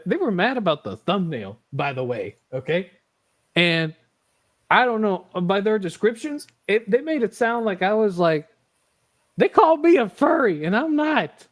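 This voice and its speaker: A man with a high, sing-song voice hosts a casual podcast at a moderate pace. He rambles, jokes around and swears a lot.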